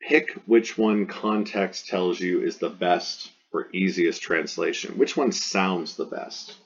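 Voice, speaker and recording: A man's voice: deep voice, slow, slightly rough, muffled recording. A man teaching a recorded Latin grammar lesson, methodically walking through verb forms and repeating them to drill them.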